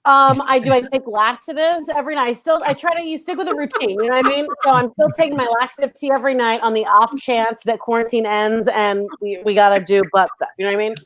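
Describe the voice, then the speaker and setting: A woman's voice: a little high, steady tone, fast talker, few pauses, a bit bright, slight background noise. Crude, self-mocking woman comedian. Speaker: comedian guest. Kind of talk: casual comedy chat.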